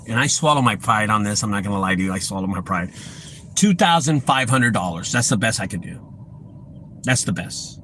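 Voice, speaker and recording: A man's voice: mid-range voice, fairly bright tone, a little hiss or hum, rough recording. A man telling a story about his junk removal business, blunt and emphatic, repeating his key points and acting out what people said. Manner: acts out quoted dialogue in his telling. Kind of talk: storytelling vlog.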